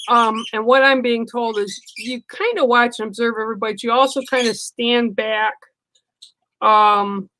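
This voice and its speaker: A woman giving a casual live psychic card reading, unhurried, with frequent ums and restarts. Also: fairly high pitch, a bit bright, poor audio. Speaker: psychic reader on a livestream.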